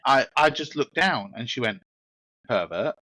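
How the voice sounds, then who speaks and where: A man's voice: mid-range voice, lively intonation, normal speed, sharp tone, no room sound, poor audio. A man with a London accent, a podcast co-host telling a rambling, cheeky anecdote with lots of restarts and laughs. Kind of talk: casual storytelling chat.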